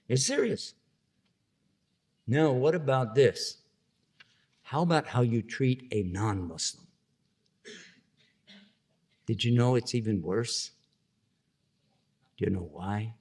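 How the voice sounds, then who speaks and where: A man's voice: mid-range voice, warm tone. Man giving a chatty religious lecture. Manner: storytelling, acting out little scenes with funny voices; conversational, asks the audience questions. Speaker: Islamic lecturer.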